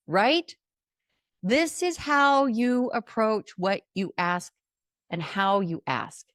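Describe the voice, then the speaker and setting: Lively storytelling woman, dry close sound. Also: medium pitch, slow, dry recording. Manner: animated storytelling, acts out quoted voices. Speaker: podcast host and coach. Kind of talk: motivational monologue.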